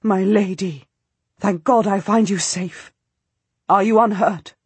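A woman voicing an earnest, devoted young male knight in an audiobook, with a hushed, respectful urgency. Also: medium pitch, steady tone, slow pace, breathy edge, no echo. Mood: concerned.

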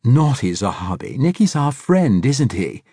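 A man's voice: mid-range voice, sing-song, a little slow, mellow, breathy edge, no echo, clean studio sound, voice pushed up, heavily acted. A man reading a novel aloud and voicing a fussy, stammering old bachelor with rattling false teeth, in a fluttery, pleading way. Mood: cooing.

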